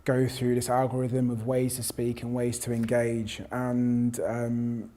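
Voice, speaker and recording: A man's voice: medium pitch, monotone, unhurried, mellow. Reflective man telling his story. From South London. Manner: reflective, with frequent restarts and quoted voices. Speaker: professor and panel guest. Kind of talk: personal storytelling in conversation.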